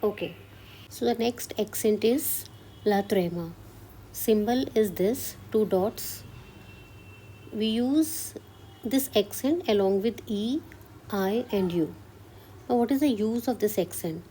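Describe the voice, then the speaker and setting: A woman teaching French step by step and often checking with "Clear?", switching between English and Hindi. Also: mid-range voice, takes it slowly, pauses often, dark tone, slight background noise. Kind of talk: classroom-style language lesson.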